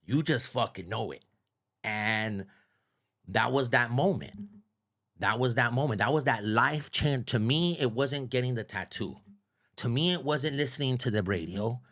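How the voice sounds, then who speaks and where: Gravelly-voiced man telling profane stories. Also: medium pitch, measured pace, fairly bright tone. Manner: profane and emphatic, with heavy repetition. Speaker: radio personality as guest. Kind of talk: casual storytelling interview.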